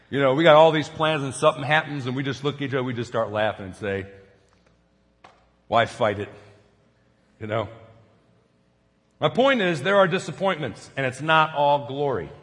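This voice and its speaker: A middle-aged man preaching a sermon, telling stories and swinging from soft, quiet passages to loud, emphatic peaks. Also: mid-range voice, lively intonation, normal speed, big-room sound. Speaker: pastor.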